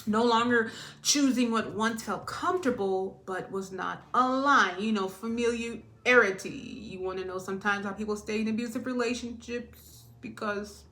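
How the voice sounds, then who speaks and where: A woman's voice: a little high, moderate pace, a bit bright. A woman giving a casual tarot reading in a chatty way, laughing often and drifting off topic. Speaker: tarot reader.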